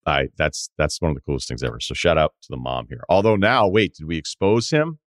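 A man in his forties hosting a podcast, telling rambling stories in casual chat with swearing and animated asides. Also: extremely low pitch, brisk, no echo, studio quality. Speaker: podcast host.

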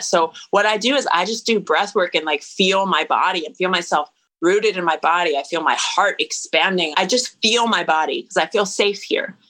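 Earnest, reflective woman with a lowish voice. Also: poor audio. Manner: earnest and reflective, with lively bursts. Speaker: podcast guest. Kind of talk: casual interview conversation.

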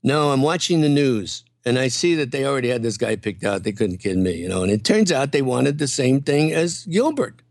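A man's voice: medium pitch, very animated, fairly quick, hardly any pauses, no echo, clean studio sound. An older man, a comedian guest, telling rambling anecdotes in casual chat, full of fillers and restarts.

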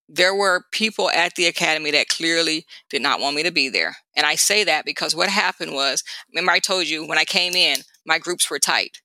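A woman guest recounting her past in a conversational, animated storytelling manner, acting out the people she quotes. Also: low-pitched, no echo. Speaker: guest, former DEA agent.

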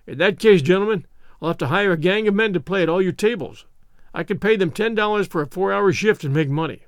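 A man voicing a calm, courteous young gambler who speaks in a measured way. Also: high voice, no room sound, studio quality. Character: cool-headed gambler man, calm and polite.

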